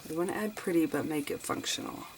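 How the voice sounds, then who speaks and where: Low-voiced chatty crafter woman. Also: fast talker, slight background noise. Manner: chatty, thinks aloud while crafting, addresses viewers as you guys. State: sniffling. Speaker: craft tutorial host. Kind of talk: casual crafting tutorial chat.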